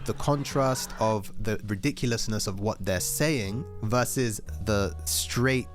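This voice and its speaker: A man's voice: fairly low pitch, takes it slowly, soft background music. A man hosting a casual vlog in a joking, chatty way. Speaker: host.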